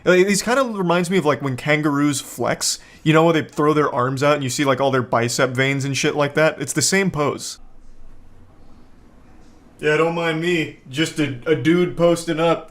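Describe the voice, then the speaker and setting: A man hosting a comedic commentary on a viral video, talking in a sarcastic, deadpan way. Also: on the high side, normal speed.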